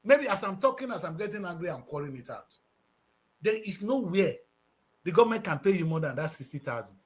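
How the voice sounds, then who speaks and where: A man's voice: sits high, sing-song, a little fast. A man with a Nigerian accent giving passionate, preachy talk-show commentary, slipping into Pidgin English.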